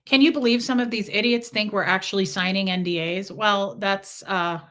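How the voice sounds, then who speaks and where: Bright-voiced woman chatting on a livestream. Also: mid-range voice, fairly even intonation, normal speed. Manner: chatty, reads out chat messages, coos at a kitten. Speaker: livestream host. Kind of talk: casual livestream chat.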